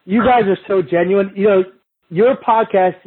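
Husky man on a tinny remote line. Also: high voice, normal speed. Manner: rambling, restarts often, slips into quoted street talk. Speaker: podcast guest. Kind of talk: casual storytelling chat.

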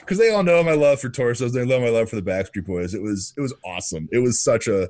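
Talking fast with few pauses, this podcast co-host recaps a reality show in a laid-back, animated way. He swears a lot and leaps high in pitch when imitating people; the audio has no echo.

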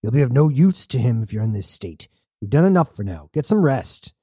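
A man voicing a sardonic male quartermaster, speaking briskly and wryly. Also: mid-range voice, sing-song, warm tone, slightly rough, dry recording, studio quality. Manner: brisk, wry.

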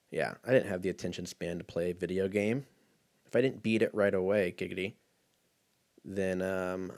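Laid-back, rambling man in his thirties. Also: fairly low pitch. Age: 30s. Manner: rambling, profane, laid-back with frequent fillers. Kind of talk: casual solo podcast monologue.

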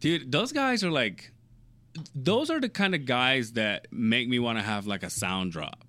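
A man's voice: medium pitch, big pitch swings, a little slow, a bit bright, no echo. Laid-back man in dry, close chat. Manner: laid-back, joking, trailing off mid-sentence. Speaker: podcast co-host. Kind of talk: casual chat.

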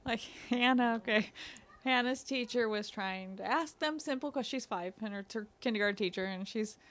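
A woman talking with a friend, jumping in with short questions and reactions. Her voice sits a little high and sounds relaxed and conversational. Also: normal speed. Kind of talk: casual chat.

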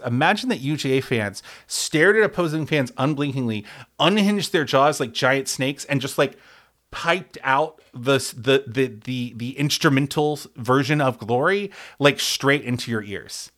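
A man's voice: mid-range voice, unhurried. A man hosting a sports podcast, talking in a profane, hyperbolic comic rant full of stammered restarts. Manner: animated, rambling, stammers and restarts often; heavy swearing, hyperbolic.

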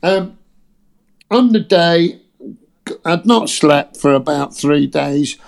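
A man's voice: fairly high pitch, slow pace, vocal fry. A British man telling casual, foul-mouthed anecdotes as a guest. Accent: British English. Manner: swears freely, lively storyteller.

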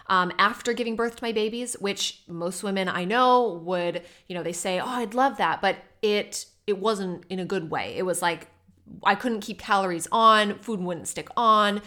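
A young woman talks straight into her podcast mic, chatty and candid. She speaks off the cuff, full of asides and quick restarts, with a lively, animated delivery. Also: medium pitch. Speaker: podcast host. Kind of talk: unscripted solo podcast talk.

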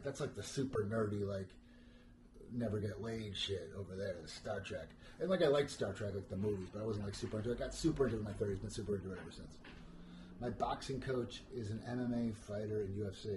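A middle-aged man hosting a livestream and answering chat questions, rambling casually and crudely with lots of fillers and self-deprecating jokes. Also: on the low side. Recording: echoey room with background noise.

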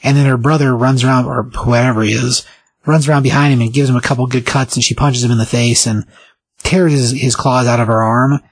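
A man casually recapping and reviewing a comic book as a podcast host, rambling and animated as he quotes the characters. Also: mid-range voice, brisk, husky, no room sound.

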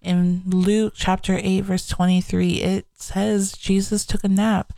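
A woman's voice: mid-range voice, vocal fry, mellow, no echo. A young adult woman hosting a faith podcast, talking candidly and reflectively in a casual way. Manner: candid, reflective, slow-paced. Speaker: podcast host.

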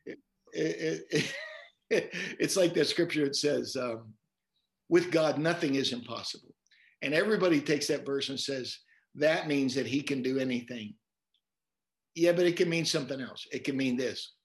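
This interview guest is a pastor whose fairly high voice moves at normal speed, broken by long pauses. He talks in a conversational preaching style, weaving scripture into his stories, telling them animatedly and repeating words as he quotes verses.

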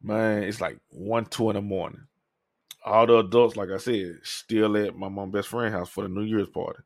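A man's voice: fairly low pitch, steady tone, normal speed, gravelly, no echo, clean studio sound. A man hosting a podcast, telling a personal story in a loose, profane way and acting out what other people said. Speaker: podcast host. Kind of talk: casual storytelling.

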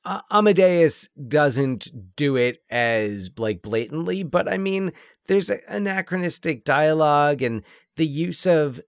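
A man's voice: a little high, expressive, a little slow, clear, resonant tone, dry recording, clean studio sound. A man in casual conversation about films, hesitant, with many restarts and fillers. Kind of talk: casual film discussion.

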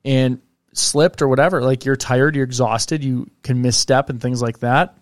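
A man's voice: medium pitch, steady tone, moderate pace, dry recording, clean studio sound. A man co-hosting a casual podcast late at night, tired and thinking aloud as he rambles through a theory. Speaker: podcast co-host.

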